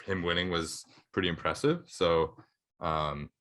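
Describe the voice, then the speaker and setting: A man's voice: deep voice, a little slow, a bit bright. A young man, co-hosting a podcast in casual, rambling chat full of fillers. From Canada. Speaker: podcast co-host.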